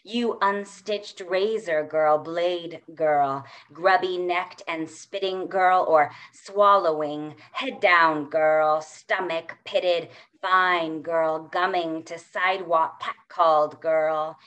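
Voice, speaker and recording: A middle-aged woman poet reading her poems aloud in a slow, measured way with soft pauses between lines. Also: on the low side, fairly even intonation. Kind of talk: poetry reading.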